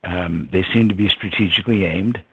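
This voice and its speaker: Older guy reminiscing in an interview, deep raspy voice, kinda muffled sound. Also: a little fast. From United States. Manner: reflective, with many ums and soft laughs. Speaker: interview guest. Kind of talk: storytelling in conversation. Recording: dull lo-fi sound.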